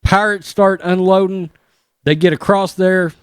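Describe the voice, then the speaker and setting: A man hosting a podcast, retelling an episode in a casual, animated way, with asides and chuckles. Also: high voice, a little slow, clean tone, no echo, clean studio sound. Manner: animated storytelling with asides and laughs. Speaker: podcast host.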